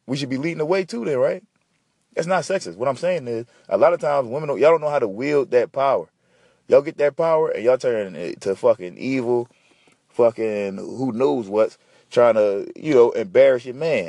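A man's voice: medium pitch, creaky, darkish tone, no room sound, clean studio sound. A man hosting a podcast alone, giving blunt, profane, rambling advice in an unscripted casual monologue. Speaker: podcast host.

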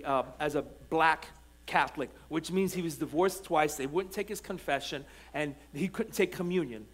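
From the pulpit of a church sanctuary, a pastor with a notably high voice for a man delivers an animated sermon. He moves from relaxed, conversational storytelling with frequent restarts up to fervent, emphatic repeated lines.

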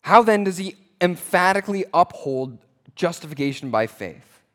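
A man teaching from the Bible, slowing down to stress key words emphatically. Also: high-pitched, expressive, a bit bright, big-room sound.

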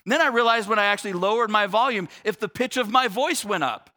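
A pastor in his forties delivers a sermon in a high, bright voice. He talks earnestly, doubling up words as he builds toward a point. At times he sinks into a soft, low tone to reflect. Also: quick pace, few pauses, long reverb tail.

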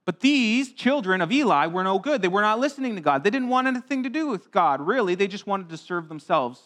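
Pastor guy with a high voice preaching to kids in church, chatty, keeps asking the room stuff. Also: very animated, a little fast, a bit bright. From grew up on a farm. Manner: conversational, asks the congregation questions. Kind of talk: child-friendly sermon.

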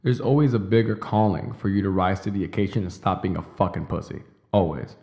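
A young man with a fairly low voice delivers a fired-up motivational monologue. He swears freely and slows right down to hammer home each declaration. He speaks in the intense, emphatic manner of a podcast host. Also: dark tone. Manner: intense, emphatic, profane, with slow stressed declarations.

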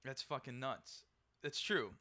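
Man from New York, podcast host, bright voice, rambling and swearing, dry close sound. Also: medium pitch, expressive, measured pace, dry recording. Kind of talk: casual podcast chat.

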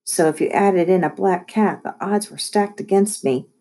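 Female storyteller, husky and warm, lively children's book narration. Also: mid-range voice, normal speed. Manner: lively storytelling with voiced asides. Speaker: audiobook reader. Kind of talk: reading a children's chapter book aloud.

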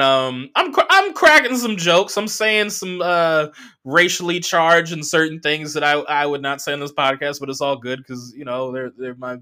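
A man's voice: fairly high pitch, pushed and bright. A man hosting a comedy podcast, telling a story in a casual monologue, laughing and swearing as he acts out quotes.

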